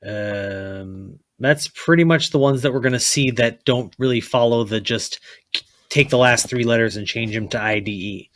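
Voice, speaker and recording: In a classroom lecture, a man teaches chemistry in a bluntly repetitive way, frequently asking "okay?" and telling students to write things down. His voice is medium-pitched and a bit bright, at a moderate pace. The recording is dry.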